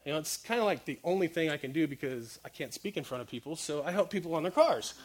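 A man giving a lively comic sermon, quizzing the crowd and acting out little stories. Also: on the high side, fast. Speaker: preacher speaking to a youth audience.

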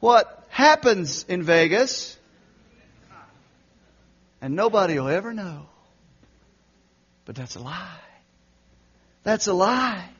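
A high-pitched male pastor preaching a sermon, swinging from shouted exhortation down to near-whispered intensity. The recording is dull and lo-fi. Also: breathy edge.

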